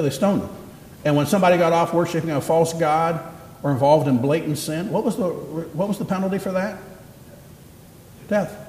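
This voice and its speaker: A man's voice: fairly high pitch, a little mellow, slight background noise. A man preaching a sermon as pastor, telling stories in a conversational way and asking the congregation questions. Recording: echoey hall reverb.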